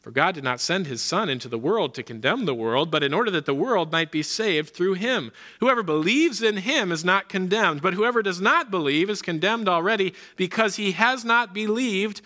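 A man with a high, bright voice preaches a sermon as pastor. He talks emphatically, drives home his main points by repeating them, and leans on rhetorical questions. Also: expressive, normal speed, hardly any pauses.

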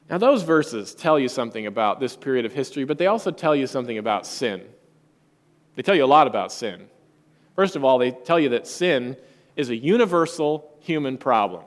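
A pastor preaching a sermon, emphatic and rhetorical. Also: male voice, mid-range voice, expressive, brisk, long reverb tail.

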